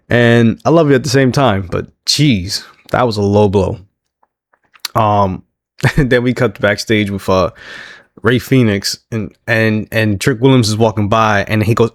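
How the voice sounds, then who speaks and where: A man's voice: lowish voice, unhurried, no echo. Laughing, chatty man recapping wrestling. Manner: laughs often, animated retelling with quoted voices. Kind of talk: casual recap commentary.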